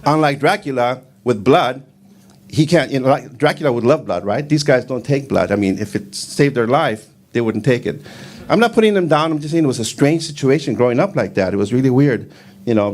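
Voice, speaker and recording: A man in his fifties doing a stand-up comedy set on a club stage, rambling in a deadpan way with lots of fillers. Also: medium pitch. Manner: rambling, deadpan delivery with frequent fillers, breaks into shouted Spanish quotes.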